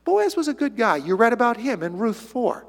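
A male pastor preaching a sermon in an animated way, with sarcastic asides. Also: very high voice, moderate pace, vocal fry. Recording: long hall reverb.

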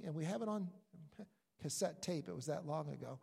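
A middle-aged male pastor from New York preaches a sermon with a gravelly, fairly high voice. He tells his story with emphatic repetitions. The sound carries the long reverb of a large hall. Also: animated, a little fast, darkish tone.

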